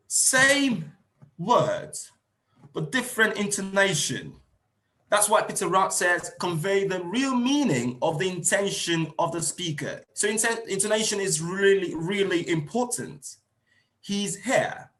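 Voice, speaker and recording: A man's voice: high voice, sharp tone. Emphatic man lecturing online. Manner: emphatic, repeats key phrases, acts out example lines. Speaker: teacher trainer. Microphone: video call.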